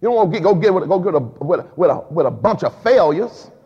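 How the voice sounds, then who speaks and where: Male pastor, sermon, high lively voice, husky, long reverb, dull lo-fi sound. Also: fast. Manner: animated preaching with repeated words and dialect. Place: church sanctuary.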